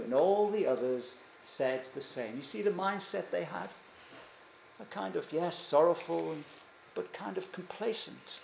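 A man's voice: on the high side, normal speed, creaky, darkish tone, a little hiss or hum. A man preaching a sermon earnestly, often asking his listeners questions. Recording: echoey church room, faint ambience.

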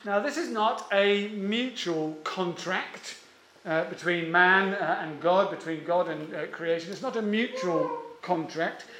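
A man with a high, light voice delivers a sermon, leaning hard on key words and stretching them out slowly. He is heard in an echoey church room with a faint hum of ambience behind him. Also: pushed and bright. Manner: measured, emphatic, drawn-out stresses. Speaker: preacher.

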